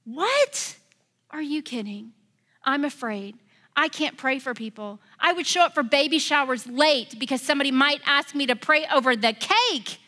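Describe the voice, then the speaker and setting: A woman's voice: high voice, normal speed, sharp tone. A middle-aged American woman pastor preaching a sermon, telling a personal story and building to passionate exhortation.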